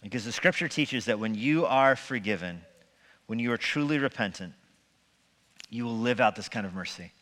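Guy preaching sunday sermon, chatty jokey, asks the room questions, bright tone, big echoey church. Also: medium pitch, lively intonation, moderate pace. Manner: conversational preaching with humor and rhetorical questions. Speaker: pastor. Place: church sanctuary. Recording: long hall reverb.

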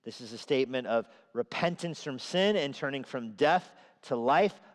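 A man's voice: medium pitch, expressive, moderate pace. Male preacher in a reverberant church. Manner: conversational preaching, acts out quoted voices. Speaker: pastor. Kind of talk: sermon. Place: church sanctuary.

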